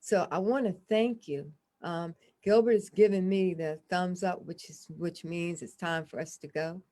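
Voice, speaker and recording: A woman hosting a radio interview show, wrapping up with thanks and a few gentle restarts. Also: lowish voice, moderate pace. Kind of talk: interview wrap-up.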